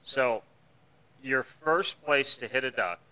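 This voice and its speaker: Talking slowly in a bright, forceful mid-range voice, a podcast host teaches duck calling on camera. His solo lesson is chatty and explanatory, built on everyday analogies, and the audio quality is rough.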